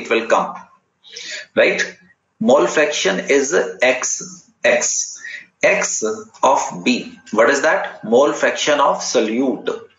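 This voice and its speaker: A man's voice: mid-range voice, vocal fry, fairly bright tone. A man with an Indian English accent teaching a chemistry class, explaining terms patiently, repeating key words and checking in with students. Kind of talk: classroom lecture. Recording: roomy, slightly dull recording.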